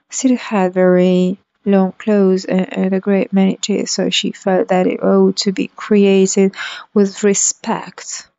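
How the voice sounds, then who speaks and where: A woman reads a storybook aloud in a slow, careful and measured way. Her voice is mellow and soft at the edges, close and dry. The recording sounds dull and lo-fi. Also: mid-range voice, dry recording. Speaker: reader.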